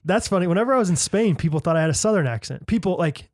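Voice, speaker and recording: A man's voice: high voice, animated, very fast, no echo, studio quality. A man co-hosting a podcast in casual chat, teasing and joking. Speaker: podcast co-host.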